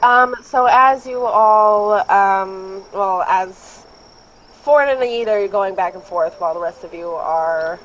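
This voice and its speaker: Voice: mid-range voice, takes it slowly, fairly bright tone, lo-fi sound. A game master narrating a tabletop game, hesitant and full of fillers.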